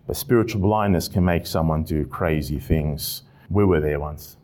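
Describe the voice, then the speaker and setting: A man pastor preaching an expository sermon with animated delivery and repeated emphatic phrases. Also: a bass voice, moderate pace.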